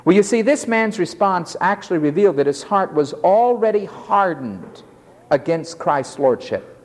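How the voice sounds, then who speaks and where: Animated high-voiced male preacher, echoing hall. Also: normal speed. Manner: emphatic, dramatic preaching that acts out quoted voices. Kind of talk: sermon.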